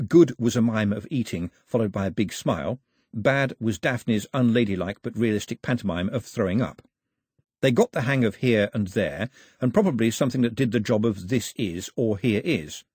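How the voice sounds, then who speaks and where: A man reading a storybook aloud in an expressive, varied narration. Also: fairly low pitch, breathy edge, no room sound, clean studio sound.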